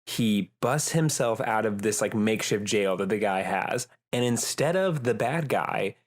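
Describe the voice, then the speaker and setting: A man's voice: fairly low pitch, lively intonation, measured pace. A young man co-hosting a podcast in casual chat, rambling with many fillers and restarts. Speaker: podcast co-host.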